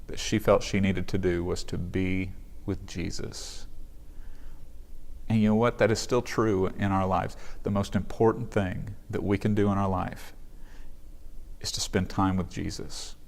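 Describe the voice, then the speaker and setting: A man's voice: low voice, little pitch movement, measured pace, creaky. A male pastor giving a sermon in an earnest, conversational way in a church sanctuary.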